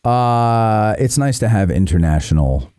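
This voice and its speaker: A man's voice: on the low side, measured pace, clear, resonant tone, no room sound, studio quality. A man hosting a history podcast, telling stories in casual chat and acting out the voices. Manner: animated storyteller who acts out the voices. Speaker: podcast host.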